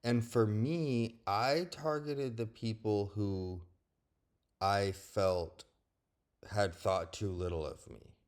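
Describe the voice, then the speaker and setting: A man's voice: fairly low pitch, slow. A young man speaking candidly and bluntly in a personal monologue, swearing freely as he talks. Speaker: vlogger.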